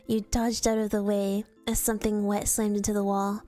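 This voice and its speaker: A woman reads a fan story aloud to her stream, her voice sitting at an ordinary middle pitch. She tells it in a storytelling manner, now and then tripping over a word and starting again. Quiet music plays faintly behind her. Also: flat delivery, normal speed. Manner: storytelling read-aloud with casual slips and restarts. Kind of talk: reading fanfiction aloud on stream.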